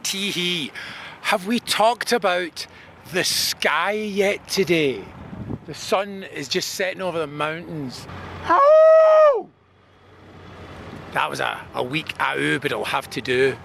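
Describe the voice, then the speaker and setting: A man's voice: on the high side, unhurried, vocal fry, sharp tone. A man vlogging outdoors with a handheld camera, chatty and jokey, giggling at his own remarks. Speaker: vlogger filming at a festival. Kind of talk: playful handheld vlog narration. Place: outdoors in the desert. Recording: outdoor noise behind.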